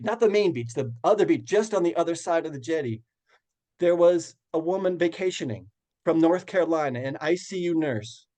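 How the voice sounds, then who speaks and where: A man's voice: fairly high pitch, a little mellow. A man giving a talk, earnestly retelling a personal story in vivid detail. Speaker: guest speaker. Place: retirement community hall.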